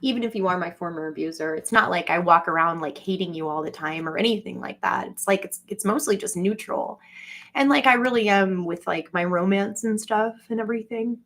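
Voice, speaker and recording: A woman in her forties talking to her viewers in a rambling, casual monologue, halting often and filling her speech with "like". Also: medium pitch, fairly bright tone. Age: 40s. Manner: halting, heavy with "like" fillers.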